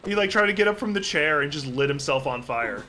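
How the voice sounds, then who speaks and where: A man's voice: fairly high pitch, animated, fairly quick, bright, forceful tone, faint music behind. A man livestreaming a game, giving casual, rambling commentary and swearing freely as he plays. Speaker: gaming livestreamer.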